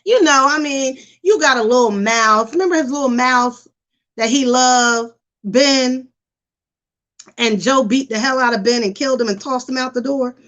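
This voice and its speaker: A woman hosting a casual live stream, chatting and reacting in an animated, talkative way. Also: high voice, normal speed. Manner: chatty, animated, imitates voices for effect. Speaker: host.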